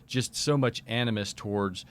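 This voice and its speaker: A man hosting a live talk show, rambling and animated, repeating words as he builds a point. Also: lowish voice, normal speed.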